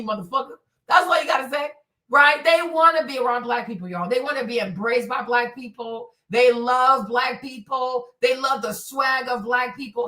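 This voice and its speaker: A woman's voice: high voice, recorded from a distance. Brash profane woman ranting in an echoey room. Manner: blunt, profane, animated storytelling. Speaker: streamer host. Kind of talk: casual ranting commentary. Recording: echoey room, voice a bit off-mic.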